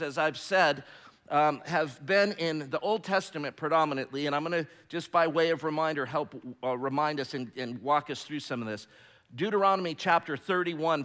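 A man with a high, bright, forceful voice preaches a sermon, stretching key words for emphasis as his lines climb in intensity. His voice rings through a church hall with a long reverb tail. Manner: preaching with rising emphasis, slows words for stress. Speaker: pastor. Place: church sanctuary.

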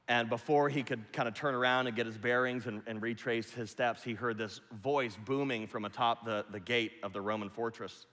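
Emphatic preaching man in echoing hall. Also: on the low side. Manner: emphatic, repetitive preaching with big swings in loudness. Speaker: pastor. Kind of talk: sermon. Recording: long hall reverb.

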